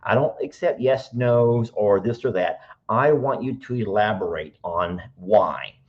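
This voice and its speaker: Low-voiced chatty man. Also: a little slow. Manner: chatty, teacherly, coaxing. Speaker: livestream host. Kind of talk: casual live-stream chat. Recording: dull lo-fi sound.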